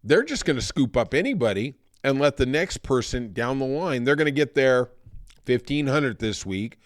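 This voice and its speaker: A man's voice: mid-range voice, lively intonation, moderate pace, dry recording, clean studio sound. A man hosting a solo political podcast, talking in a conversational, thoughtful way. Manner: conversational, thoughtful, turning somber. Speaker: podcast host.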